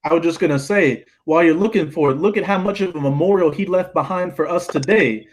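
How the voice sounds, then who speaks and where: Male group member, husky voice, slightly high, earnest storyteller. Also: fast talker, low-quality recording. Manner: earnest, tells a film scene as an example. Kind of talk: casual discussion.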